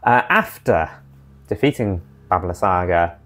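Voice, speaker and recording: Man, deep voice, dungeon master, chatty campaign recap. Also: normal speed.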